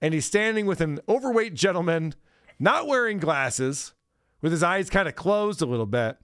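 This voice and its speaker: Sarcastic high-voiced male podcast host. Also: expressive, normal speed, fairly bright tone, clean tone, no room sound, clean studio sound. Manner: mocking, sarcastic, laughs often. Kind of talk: casual chat.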